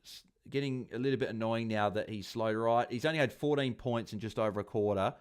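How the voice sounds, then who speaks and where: A man with an ordinary mid-range voice hosts a casual live stream. He reads viewer comments aloud and cheers on his fantasy players between relaxed asides. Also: mid-range voice, fast, clear, resonant tone. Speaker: host of a fantasy football watchalong stream.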